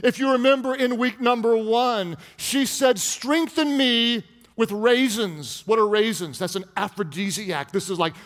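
A man's voice: sits high, normal speed, hardly any pauses. A man preaching a humorous sermon as pastor, playful and teasing with the congregation. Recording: long reverb of a large hall.

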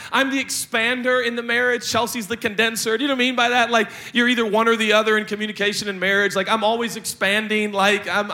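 This young adult pastor keeps his sermon lively and funny, slipping in playful remarks to the congregation. His voice is extremely high in pitch.

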